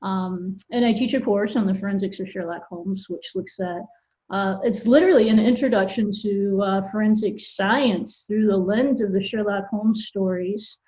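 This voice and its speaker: A woman's voice: medium pitch, normal speed, dark tone, dull audio. A woman from Florida, a university professor, talking in an articulate, easygoing way as a guest on a video-call podcast. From Florida, United States. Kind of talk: casual video-call interview.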